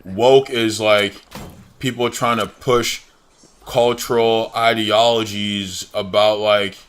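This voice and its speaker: A man's voice: on the low side, fairly even intonation, slow pace, fairly bright tone, a little hiss or hum. A young man livestreaming a game, chatting in a slangy, blunt way and saying "bro" a lot. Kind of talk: casual chat while gaming.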